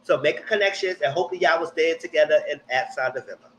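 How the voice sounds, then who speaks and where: A young man, hosting a live reality TV recap in casual commentary with animated, exaggerated re-enactments. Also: a little high, fast talker, a little hiss or hum, rough recording.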